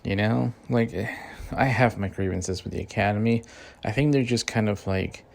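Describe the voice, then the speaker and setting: A man with a lowish, gravelly voice vents in a loose, heated rant. He swears constantly and strings thoughts together with fillers, sounding like an unscripted host talking straight to his audience. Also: moderate pace. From Mexican-American. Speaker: podcast host. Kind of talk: profane casual rant.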